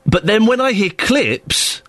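A man's voice: high voice, big pitch swings, slow, a bit bright, no echo. A man in his thirties with a London accent, presenting a casual morning radio show with wry, self-mocking chat. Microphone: studio microphone.

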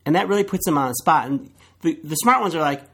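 A man as a podcast guest, chatting casually and telling animated stories, acting out what people said. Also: on the high side, quick pace, breathy edge. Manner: animated storyteller acting out quoted dialogue. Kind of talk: casual chat.

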